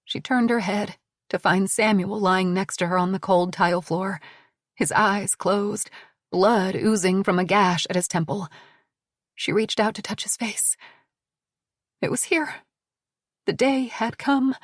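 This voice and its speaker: A woman narrating a suspense novel in a measured storytelling manner. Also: medium pitch, no room sound, studio quality. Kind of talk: audiobook narration.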